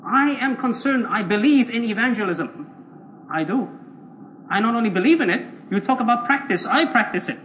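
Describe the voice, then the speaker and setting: A high-voiced, self-congratulating zealot, as a preacher puts him on brags about his devotion and sputters when he is called out. The sound is muffled and lo-fi, with a faint hiss underneath. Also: expressive, normal speed, fairly bright tone. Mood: self-satisfied. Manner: boastful, then flustered and stammering. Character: smug self-righteous man, indignant church zealot. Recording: dull lo-fi recording, faint noise.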